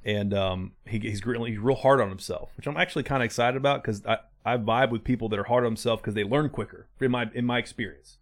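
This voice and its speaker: A man's voice: medium pitch, fast talker, hardly any pauses. A man in his thirties co-hosting a podcast, talking in a rambling, casual way about his kids. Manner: rambling, acts out his kids' voices. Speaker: podcast co-host. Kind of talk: casual chat.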